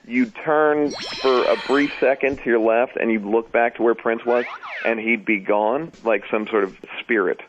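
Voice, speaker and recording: A man's voice: medium pitch, fairly even intonation, moderate pace, highs cut off, a little hiss or hum. A man telling a chatty casual anecdote, full of fillers. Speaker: guest.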